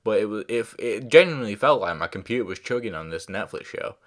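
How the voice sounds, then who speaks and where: Guy with a low voice doing a rambly casual review, keeps forgetting names and saying sorry. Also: lively intonation, quick pace. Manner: rambling, full of fillers and restarts; loses track of names, apologises. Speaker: show reviewer.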